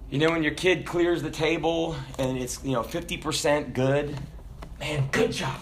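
Animated preacher, shouting then quiet. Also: male voice, a little hiss or hum. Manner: swings from booming shouts to quiet conversational asides; casual, with fillers like "you know" and "like". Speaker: pastor. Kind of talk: sermon.

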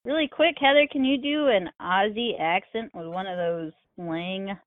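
A woman's voice: mid-range voice, moderate pace, no echo, phone-quality sound. A woman co-hosting a podcast in casual chat, teasing and giggling. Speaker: podcast co-host.

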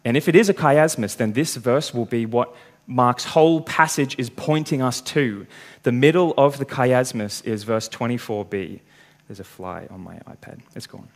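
A man preaching a sermon, working through a passage step by step and reading the scripture aloud. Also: medium pitch.

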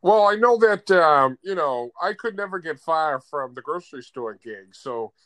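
Podcast guy with a high voice that jumps all over, swearing and laughing through his story, dry close mic. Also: normal speed, no echo. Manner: animated, profane, laughs often. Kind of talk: casual chat.

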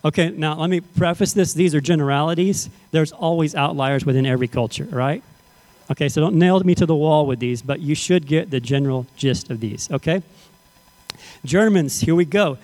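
A man's voice: a little high, darkish tone. A man preaching a sermon as pastor, talking conversationally and often checking that the congregation is following.

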